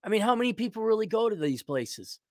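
A man's voice: sits high, sing-song, fast, no echo, studio quality. A middle-aged man hosting a livestream, giving rambling, sarcastic opinions in a casual way. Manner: rambling and sarcastic, mocks with put-on voices. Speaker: livestream host.

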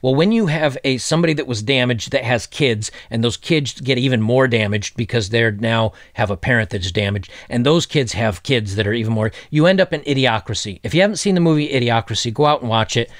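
A man's voice: medium pitch, brisk, hardly any pauses, no echo, clean studio sound. A man hosting his own dating commentary vlog, talking casually with crude jokes and laughing at himself. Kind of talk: casual monologue.

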